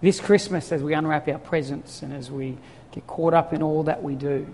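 A middle-aged Australian man preaching a sermon as a story, swinging from lively to hushed. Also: fairly high pitch, moderate pace, slight background noise. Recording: long reverb of a large hall.

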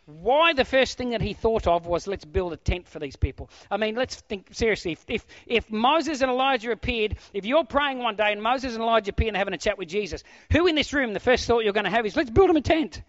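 Animated male preacher, fairly high. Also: quick pace, hardly any pauses, no room sound. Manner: animated preaching that swings from loud exclamations to hushed near-whispers. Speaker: pastor. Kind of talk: sermon. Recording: dull, dry lo-fi sound.

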